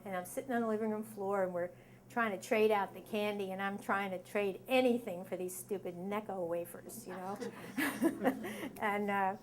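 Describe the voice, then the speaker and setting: There's a slight hiss or hum behind this middle-aged woman's mid-range voice as she tells a story on stage in front of a live crowd. She plays out the quoted voices with energy, letting out sudden screams.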